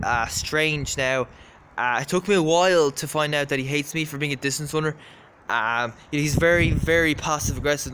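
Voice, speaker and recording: A man's voice: fairly high pitch, background noise. Rambling Irish man telling a story. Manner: rambling, repetitive, many fillers. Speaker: vlogger. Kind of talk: casual storytelling.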